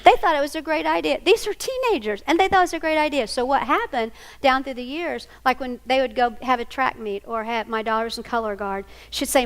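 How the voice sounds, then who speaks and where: A woman's voice: sits high, fairly quick, few pauses, smooth. An older woman giving a storytelling talk to single parents, homey and anecdotal, acting out family dialogue. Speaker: speaker at a single-parent ministry event.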